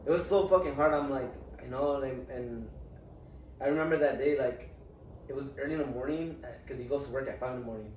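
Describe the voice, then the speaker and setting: A man's voice: medium pitch, a little mellow, far from the mic, a little hiss or hum. Casual, swearing man in a roomy space. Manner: casual, profane, halting with many fillers. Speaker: podcast host. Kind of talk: casual conversation.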